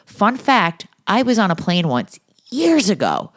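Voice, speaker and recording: A middle-aged woman co-hosts a podcast, her medium-pitched voice moving a little slowly. She tells gossipy, profane stories in casual chat, animated as she goes.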